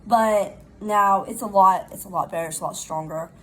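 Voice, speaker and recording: A middle-aged woman, chatting casually in a rambling, animated storytime while recovering from pneumonia. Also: mid-range voice, moderate pace, faint music behind, poor audio. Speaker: vlogger.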